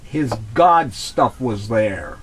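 A man's voice: medium pitch, very animated, very slow, slight background noise, low-quality recording. A man in a heated religious discussion, talking in an insistent, emphatic, lecturing way.

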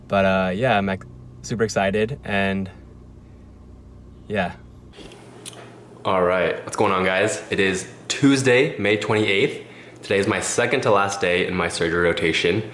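Laid-back low-voiced young man vlogging. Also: unhurried, pauses often, slight background noise. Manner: relaxed, rambling, filler-heavy. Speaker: physician assistant student vlogger. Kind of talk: casual vlog chat. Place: car and home. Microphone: phone held at arm's length.

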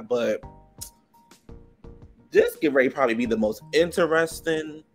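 A man with a Washington DC area accent recapping a reality show in a casual, gossipy way. He laughs often and swings his pitch up high when he acts out the cast. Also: takes it slowly, pauses often, faint music behind. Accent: DMV (Washington DC area). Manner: animated and gossipy, laughing often, big jumps in pitch when acting out others. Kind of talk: casual chatty episode review.

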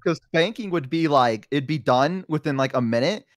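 A man's voice: fairly high pitch, moderate pace, no room sound, studio quality. A young man with a Southern American accent, telling childhood stories in casual chat on a stream, laughing often. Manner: animated, laughs often, acts out quoted voices.

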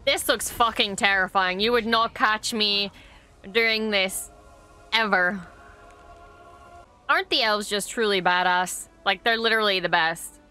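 A young Irish woman hosting a reaction video, chatting casually and gushing excitedly with frequent swearing. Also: mid-range voice, a little slow, long pauses, clean tone, faint music behind.

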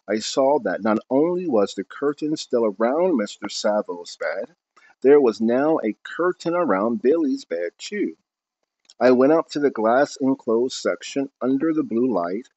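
A man narrating a novel in the first person with a calm, expressive reading style. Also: mid-range voice. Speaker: audiobook narrator. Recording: dull lo-fi recording.

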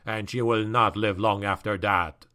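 A man voicing a bestial male demon hunter wearing a boy's body, gruff and grunting, in an audiobook. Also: on the low side, steady tone, measured pace, bright, forceful tone, voice pushed down. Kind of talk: audiobook character voice.

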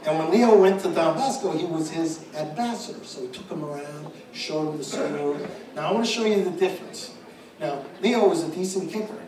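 A man's voice: a little high, brisk, a crowd in the background. Rambling man speaking in an echoey hall. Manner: rambling, with frequent restarts and repeated words. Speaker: father giving a tribute speech. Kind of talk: public speech at an event. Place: large echoey room with an audience. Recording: echoey hall audio from a distant mic with background noise.

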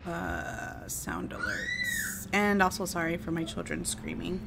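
A woman with a low-ish, creaky voice speaks slowly with huge pitch swings in a casual live-stream chat while gaming. The audio is very noisy, and she's apologetic and easily startled.

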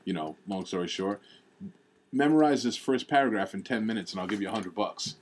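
Low-voiced young man telling a story. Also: brisk. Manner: swearing, animated storyteller who acts out quotes. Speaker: podcast co-host. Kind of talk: casual chat.

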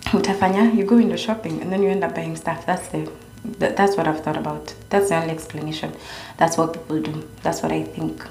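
A woman's voice: deep voice, steady tone, fairly quick, vocal fry, a little mellow. A young woman from Kenya with a Kenyan accent, chatting casually as a vlogger and slipping Swahili slang into her talk. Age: young adult. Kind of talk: casual chat. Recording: echoey room.

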